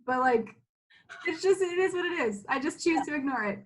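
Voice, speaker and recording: A woman's voice: sits high, expressive, fairly quick. A woman co-hosting a podcast, chatting casually in an easygoing way, laughing along. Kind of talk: casual chat.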